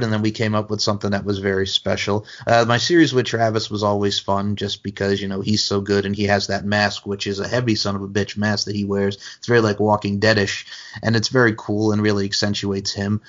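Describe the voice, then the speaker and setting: A low-voiced man talks fast and freely, the way a wrestling podcast guest does. He piles one story onto the next with plenty of energy. The sound is muffled and lo-fi. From Long Island, New York. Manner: energetic, talkative, with bursts of promo bravado. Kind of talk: casual interview chat.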